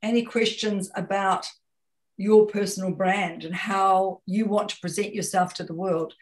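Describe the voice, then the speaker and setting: A woman's voice: medium pitch, steady tone, a little slow. A woman with a New Zealand accent giving a webinar talk as a communication consultant, emphatic and fond of rhetorical questions and repeated phrases. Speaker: guest speaker, communication consultant.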